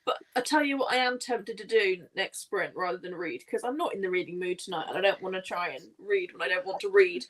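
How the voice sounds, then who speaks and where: A woman's voice: medium pitch, fast, hardly any pauses, fairly bright tone. A woman in a casual chat with friends on a video call, chatty and giggly.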